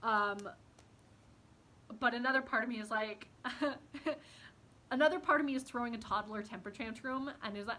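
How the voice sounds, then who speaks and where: A woman's voice: mid-range voice, steady tone, a little slow, pushed and bright. A young woman vlogging casually to the camera about her reading and writing, rambling and self-deprecating, with lots of fillers.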